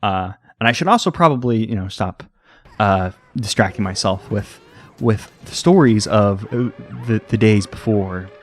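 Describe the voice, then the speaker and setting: A man's voice: lowish voice, a little slow, faint music behind. A young American man giving casual, rambling commentary over a video game, full of fillers and side stories. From United States. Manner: rambling, tangent-prone, heavy on fillers. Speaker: let's play host.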